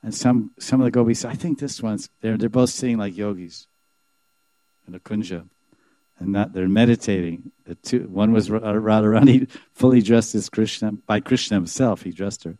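Male devotional storyteller, animated and chuckling, acts out the scenes; dry, close sound. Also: fairly low pitch, moderate pace, no echo. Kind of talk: sermon storytelling.

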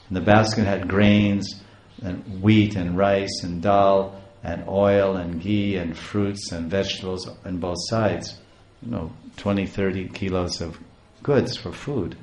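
A man preaching a devotional story, halting and repeating words as he goes. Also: fairly low pitch. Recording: roomy echo.

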